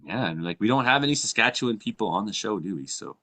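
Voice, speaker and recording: A man's voice: on the low side, very animated, quick pace, sharp tone. A man from Canada hosting a casual live show, rambling and laughing often. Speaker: podcast host.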